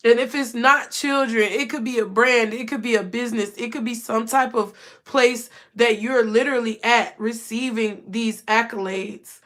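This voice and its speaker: A woman's voice: fairly high pitch, steady tone, normal speed, fairly bright tone. A young woman giving a casual, emotional spiritual reading straight to her viewers, often repeating herself and calling them y'all. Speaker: tarot reader.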